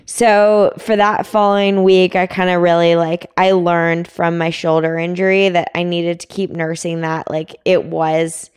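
Chatty young woman, smooth low-ish voice. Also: flat delivery, measured pace, hardly any pauses. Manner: chatty, many fillers, laughs often. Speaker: climbing guest. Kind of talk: casual interview chat.

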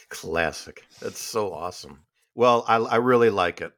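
Slow, low-voiced man in casual banter. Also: a bit bright, dry recording. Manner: rambling with restarts and fillers. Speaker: podcast co-host. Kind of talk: casual chat.

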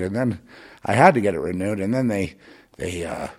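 A low-voiced man with a gravelly, creaky edge talks straight to the listener in a rambling monologue. His pitch leaps and dips widely as he goes from low muttering to loud, emphatic ranting, tripping over repeated words and restarts. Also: lively intonation, normal speed.

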